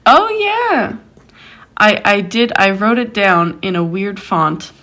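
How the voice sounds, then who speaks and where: A woman's voice: medium pitch, a little slow, bright, forceful tone. A woman co-hosting a casual podcast, playful and giggly with goofy asides. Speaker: podcast co-host.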